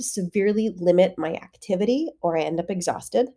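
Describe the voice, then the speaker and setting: Female fitness coach hosting her podcast, congested and a bit nasal, relaxed and candid. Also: mid-range voice, fast talker, hardly any pauses. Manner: candid, conversational, with frequent fillers. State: congested, head-cold voice. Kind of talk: solo podcast monologue.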